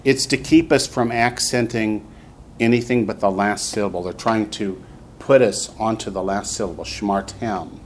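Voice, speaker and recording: A Hebrew teacher with a lowish voice gives classroom instruction at normal speed in a steady tone, with a little hiss or hum in the recording. He patiently drills his students, repeating each word for them to copy.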